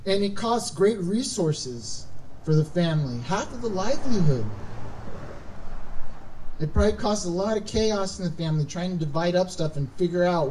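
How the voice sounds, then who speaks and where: A man preaching a sermon as pastor, animated, acting out quoted voices with emphatic rises. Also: high-pitched, normal speed, recorded from a distance, slight background noise, poor audio. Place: church.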